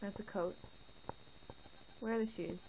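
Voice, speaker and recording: A young mother patiently prompting her toddler through a picture book, with slow sing-song cues and encouraging praise. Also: mid-range voice, steady tone, vocal fry, darkish tone. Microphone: phone. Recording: muffled phone audio with faint hiss.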